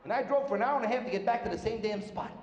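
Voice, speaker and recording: A man doing a brash, rapid-fire stand-up comedy routine in a large casino showroom. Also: high-pitched, highs cut off, a little hiss or hum. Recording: echoey live hall recording.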